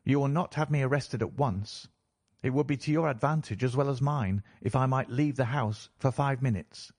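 A man's voice: medium pitch, moderate pace, a little mellow, dry recording, studio quality, natural voice. A man voicing an indignant young man accused of theft, speaking proudly and defiantly in a dramatized reading. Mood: pleading.

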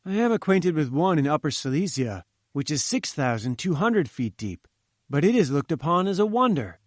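A man's voice: a little high, big pitch swings, moderate pace, dry recording, studio quality. A man voicing a polite, earnest male engineer in an audiobook reading.

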